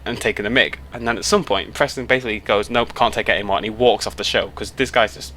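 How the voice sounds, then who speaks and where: A man's voice: on the low side, fast, a bit bright, slight background noise. A young British man chatting casually to camera on a road trip, rambling and cutting himself off as he goes, speaking into a headset mic. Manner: chatty, rambling, self-interrupting. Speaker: YouTuber.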